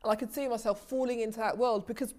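A woman, a TV director, telling animated stories about her career as an interview guest, often restarting her sentences and laughing easily. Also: fairly high pitch, fast. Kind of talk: casual interview storytelling.

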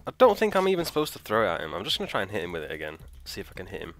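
A man commenting live on his gameplay in a lowish voice that swings wildly between muttered asides and sudden frustrated shouts. He swears often, thinks aloud and trails off mid-sentence. Faint game music plays behind him. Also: huge pitch swings, rapid-fire. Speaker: let's play host.

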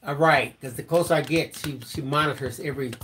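A man in his fifties, co-hosting and reading out viewer comments, telling a story in an animated way and mimicking others with laughter. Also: a little high, fairly quick, noisy background. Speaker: co-host, reads viewer comments. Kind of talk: casual storytelling.

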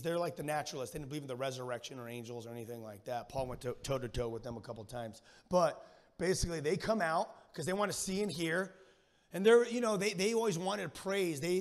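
Energetic preacher man in a reverberant hall. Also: fairly high pitch. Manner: energetic, slangy, animated storytelling. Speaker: guest speaker. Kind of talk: sermon. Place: church sanctuary. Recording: long church hall reverb.

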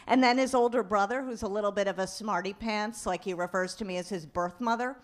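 A middle-aged woman doing a stand-up comedy set on a club stage, telling chatty, animated stories about her kids with mock outrage. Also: mid-range voice, fairly quick, hardly any pauses. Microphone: handheld stage mic. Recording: live club recording with audience. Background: audience laughter and room noise.

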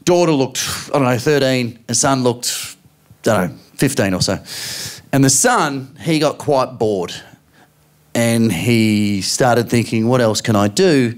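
A man in his forties with an Australian accent, performing a stand-up comedy routine on stage and telling stories with acted-out voices and sudden shouts. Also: mid-range voice, unhurried. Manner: animated storytelling, acting out voices and shouts. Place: comedy venue stage with a live audience.

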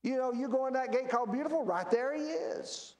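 A man's voice: extremely high pitch, brisk, a little mellow. A man teaching a Bible class in a church, explaining verses and asking the class rhetorical questions. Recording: echoey church room.

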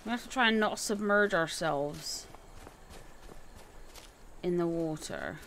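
Excitable woman commenting on gameplay. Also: on the low side, slow pace, a little hiss or hum. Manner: excitable, thinks aloud, exclaims often. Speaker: let's play gamer.

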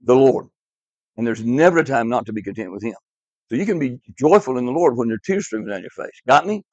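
A man's voice: mid-range voice, lively intonation, fast, no echo. A man teaching a class Bible lesson, emphatic and repetitive, quizzing his students in a classroom. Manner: emphatic, repeats key words, quizzes the class. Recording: dull lo-fi, dry.

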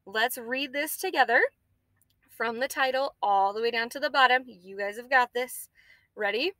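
A woman teacher leading a guided reading lesson for children, spelling words out slowly letter by letter and encouraging her class. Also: fairly high pitch, sharp tone, no echo. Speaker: elementary school teacher.

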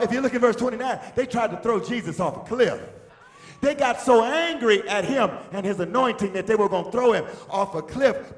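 High-voiced gravelly preacher. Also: male voice, reverberant. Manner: call-and-response preaching, swings from quiet to shouting. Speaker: pastor. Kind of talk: sermon. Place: church sanctuary.

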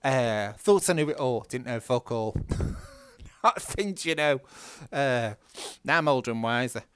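A man's voice: mid-range voice, animated, a little slow, fairly bright tone, clear, resonant tone, no room sound. A man with a Northern English accent, chatting casually and swearing freely as he tells a story while playing a game. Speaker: gaming vlogger.

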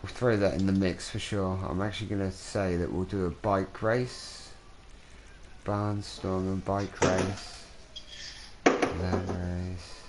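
A man's voice: sits low, level tone, slow pace, darkish tone, a little hiss or hum. A man hosting a charity gaming stream, chatting in a friendly, upbeat way with friends on a call. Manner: upbeat, friendly, says mate. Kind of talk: casual chat over voice call.

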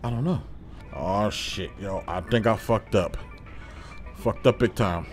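A young man commentating his own game play, excitable and swearing, shouting in panic at times. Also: fairly low pitch, a little slow. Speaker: gaming streamer. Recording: game music behind. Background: game music.

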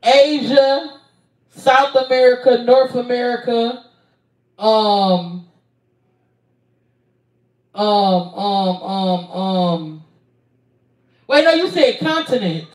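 A woman's voice: a little high, extremely slow, long pauses, a little mellow. Profane woman streamer, roomy and distant. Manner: profane, blunt, hesitant with frequent ums. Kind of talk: casual live-stream Q&A. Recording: roomy sound, distant from mic.

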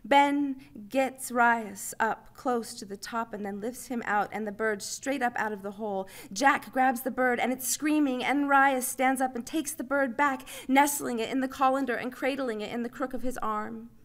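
A woman reading her short story aloud in lively, expressive narration. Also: fairly high pitch, normal speed, hardly any pauses.

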